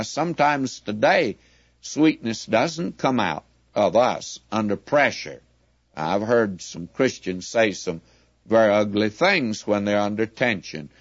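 Slow deliberate guy doing bible teaching, dull old-sounding recording. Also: medium pitch, no room sound. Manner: measured, explanatory, leaning on key words.

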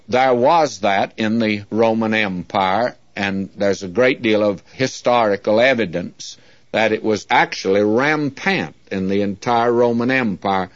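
A man's voice: lowish voice, dry recording. A man teaching the Bible in an earnest, folksy preaching style, often addressing his listeners as friends. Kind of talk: radio Bible teaching sermon. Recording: dull lo-fi dry recording.

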